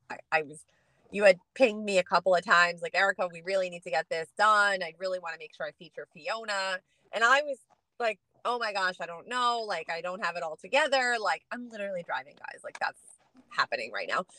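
A woman's voice: mid-range voice, sharp tone, no echo. Chatty woman guest talking from her car. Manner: chatty, heavy use of "like". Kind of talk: casual podcast talk. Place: in a car, driving.

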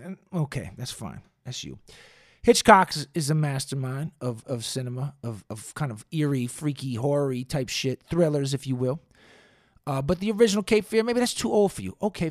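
A man's voice: fairly high pitch, no room sound, clean studio sound. A man hosting a podcast, ranting casually and profanely, with wry asides and some muttered lines. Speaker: podcast host.

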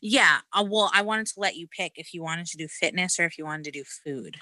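A woman co-hosting a podcast, chatting in a relaxed, joking way. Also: lowish voice, fairly quick, dry recording. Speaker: podcast co-host. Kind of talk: casual chat.

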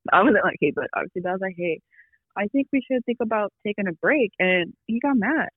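A woman's voice: mid-range voice, animated, quick pace, husky, no room sound, narrow, tinny audio. A young adult woman, a podcast guest, telling a long personal story in casual chat, full of "like"s and quoted asides. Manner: rambling storyteller, many "like"s.

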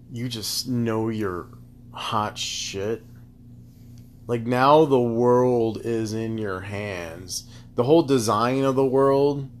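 A man hosting a casual solo podcast, rambling through tangents in a loose, profane, animated way. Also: mid-range voice, a little hiss or hum. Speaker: podcast host.

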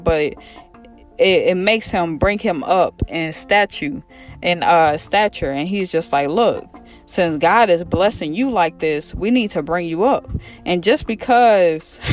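Preacher, casual devotional sermon, fervent, repetitive urging, mid pitch, faint music behind.

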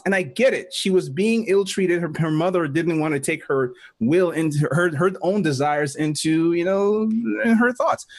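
A man in his thirties, a podcast co-host and father, ranting through a heated casual debate and laughing as he goes. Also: high-pitched.

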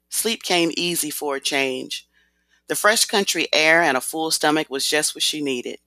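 Bright, lively audiobook narrator. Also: mid-range voice, no room sound. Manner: expressive storytelling. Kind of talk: scripted narration.

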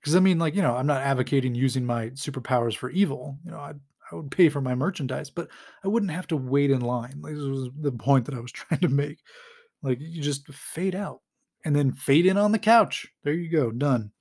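Speaking fairly quickly in a darkish, mid-range voice, a man recaps a comic story for his podcast. He sounds amused as he rambles, chuckling frequently and piling on fillers.

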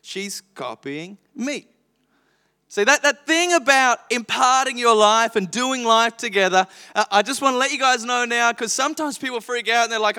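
High, bright man preaching. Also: moderate pace. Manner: lively storytelling, frank and self-deprecating. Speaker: pastor. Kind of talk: sermon. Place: church auditorium. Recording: long reverb of a church hall.

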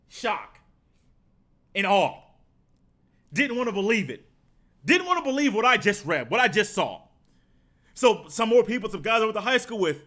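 A young man hosting a solo sports podcast, telling a story in a casual, excited way. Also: high voice. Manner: excited, animated storytelling with laughs. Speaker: podcast host.

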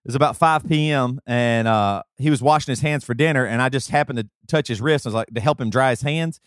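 A man's voice: mid-range voice, fast talker, clear, resonant tone, no room sound, clean studio sound. A man in his thirties co-hosting a podcast, talking casually with many fillers and restarts. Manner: rambling, talkative storyteller with many fillers. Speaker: podcast co-host. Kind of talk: casual chat and host-read ad.

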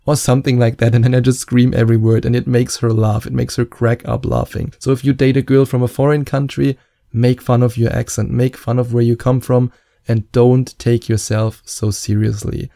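A man's voice: mid-range voice, level tone, moderate pace, creaky, warm tone, no echo, studio quality. A man with a German accent, giving dating advice in a playful, joking vlog. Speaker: dating coach.

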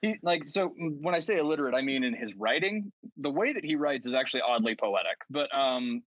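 A man co-hosting a casual podcast discussion, thinking aloud with restarts and quick bursts of speech. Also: mid-range voice, very animated, a bit bright, no room sound. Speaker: podcast co-host. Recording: slightly dull, dry recording.

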